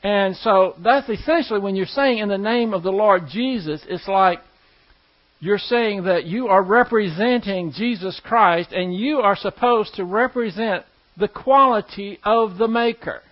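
Man, high voice, folksy Bible class teacher, muffled lo-fi recording. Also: measured pace. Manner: folksy, explanatory, asks the class questions.

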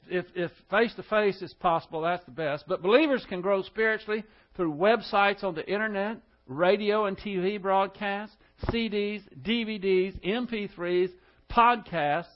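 A man's voice: high-pitched, highs cut off. A male pastor giving an expository Bible lesson, methodically explaining the word order of the Greek text.

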